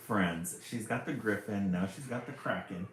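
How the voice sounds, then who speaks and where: A man's voice: lowish voice, normal speed, a little hiss or hum. A man reading a children's picture book aloud, with chatty asides about the pictures. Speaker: storyteller. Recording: very echoey room, faint music.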